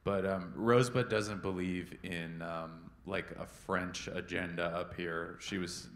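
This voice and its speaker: A man's voice: low-pitched, fairly even intonation, measured pace, fairly bright tone, echoey room. A man co-hosting a live podcast on stage, rambling and teasing, playing to the audience. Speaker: podcast co-host. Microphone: handheld mic.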